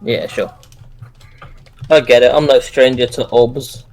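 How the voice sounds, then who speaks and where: A man's voice: medium pitch, fairly even intonation, a little slow, darkish tone. A man playing a tabletop game online, teasing and sarcastic. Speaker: player. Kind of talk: casual tabletop game chat.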